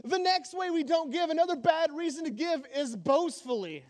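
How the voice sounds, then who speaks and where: In a church sanctuary, a male pastor with a voice very high for a man delivers an animated, joking sermon at normal speed with few pauses. He drives his points home with emphasis, and a long hall reverb rings after his words.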